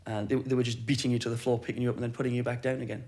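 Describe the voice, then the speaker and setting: A man recounting a personal ordeal in measured, even testimony. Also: mid-range voice. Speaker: interviewee recalling captivity.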